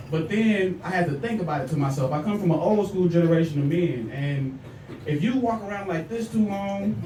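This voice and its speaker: A stand-up comedian, a man with a high voice, teases a live audience in an animated way. He is heard from a distance across an echoey club. Loud crowd laughter rolls around him. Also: background noise. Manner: animated, teasing, talks straight to the crowd.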